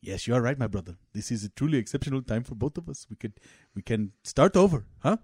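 A man's voice: mid-range voice, expressive, normal speed, no echo, clean studio sound, voice pushed down, lightly acted. A man putting on the voice of a proud immigrant father who speaks in grand, formal phrases and keeps asking "huh?". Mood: boastful. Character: boastful immigrant father, middle-aged man.

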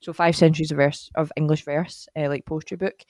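A woman's voice: deep voice, steady tone, fairly quick, darkish tone, no echo, clean studio sound. A Scottish woman chatting enthusiastically on a podcast, often trailing off mid-sentence. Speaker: podcast co-host, guest sister. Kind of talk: casual chat.

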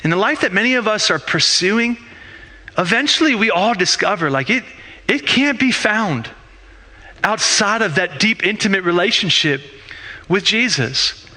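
A pastor preaches in a loose, conversational way, leaning on rhetorical questions and frequently restarting his sentences. His voice is high and very bright, with lively intonation and a moderate pace.

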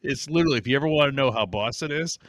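A young man co-hosting a podcast, telling stories in an animated, joking way. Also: medium pitch, very fast, no echo. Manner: animated storyteller, chuckles between lines. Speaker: podcast co-host. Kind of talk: casual chat.

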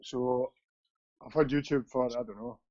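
A man's voice: mid-range voice, steady tone, measured pace, warm tone, no room sound. A Scottish man co-hosting a podcast, chatting casually with blunt, sweary banter. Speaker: podcast co-host. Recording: dull lo-fi sound.

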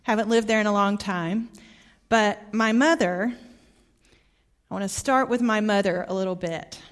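A middle-aged woman from Arkansas with a Southern accent, preaching a heartfelt storytelling sermon as a guest preacher, often dropping soft and quiet. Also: medium pitch, normal speed. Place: church sanctuary.

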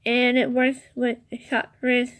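Woman podcast host, slightly high voice, slow halting read with fillers, chatty asides. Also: completely flat delivery. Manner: slow, halting reading with many fillers and restarts. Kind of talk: casual solo podcast about crystals.

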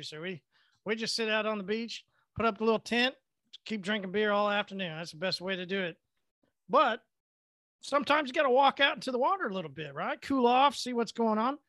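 A man from Oklahoma hosting a casual chat and telling a story in an animated, excitable way. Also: high voice, no room sound, studio quality. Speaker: host.

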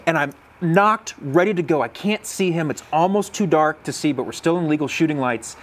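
An animated young man tells a story on a podcast. His voice swoops widely and sits a little high for a man. He breaks into animal calls as he talks. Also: a little fast, slight background noise. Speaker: podcast co-host. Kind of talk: casual storytelling.

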